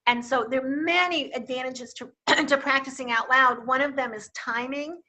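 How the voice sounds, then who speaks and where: A woman with a high, bright voice, speaking as a communication coach in an interview. She leans hard on her key words and backs each point with quick examples. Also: fairly even intonation. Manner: emphatic, quotes vivid examples. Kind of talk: interview conversation. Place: Akron, Ohio.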